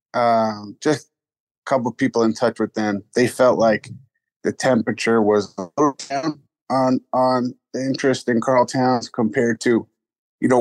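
A man's voice: medium pitch, dry recording, rough recording. A man reporting on basketball over a remote call, hedging and thinking aloud. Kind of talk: casual basketball chat.

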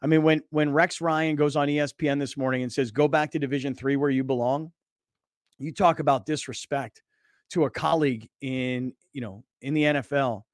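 A man's voice: medium pitch, steady tone, normal speed, no echo, clean studio sound. A man hosting a sports talk show, talking emphatically and with sarcasm.

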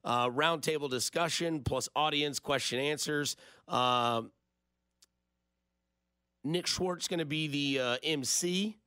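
A man's voice: a little high, slow, long pauses, sharp tone, clean tone, no room sound, studio quality. A man, hosting a sports radio show in a rambling, jokey storytelling way. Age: 30s. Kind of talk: casual radio talk.

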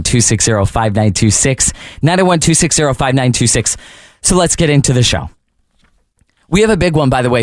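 A man's voice: mid-range voice, dry recording, studio quality. A man hosting a radio morning show, talking casually and upbeat straight to his listeners. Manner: chatty, upbeat, addresses listeners directly. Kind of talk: casual talk radio monologue.

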